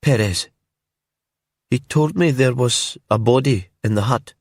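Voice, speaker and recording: A man's voice: medium pitch, unhurried, vocal fry, a little mellow, no echo, studio quality, pitched above the performer's own voice. A man voicing a wistful older island woman. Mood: probing. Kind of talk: calm storybook narration.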